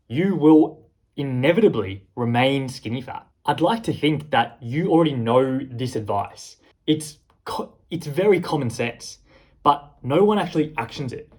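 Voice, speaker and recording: A man's voice: medium pitch, slightly rough. Blunt young male fitness coach. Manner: blunt, lecturing. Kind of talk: direct-to-camera motivational talk.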